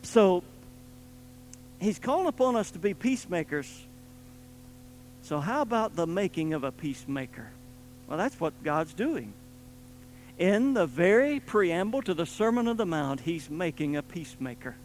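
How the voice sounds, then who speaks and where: A man preaching a sermon with emphatic delivery, swinging between loud stressed points and quiet low asides. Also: big pitch swings, normal speed, long pauses, faint music behind, low-quality recording.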